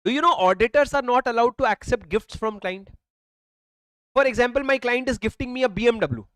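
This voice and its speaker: High-voiced Indian man lecturing emphatically. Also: fairly quick, a bit bright, dry recording, rough recording. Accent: Indian English. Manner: emphatic, repetitive, addresses students as sir. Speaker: accountancy law teacher. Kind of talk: classroom lecture. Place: classroom with students. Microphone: handheld or worn mic.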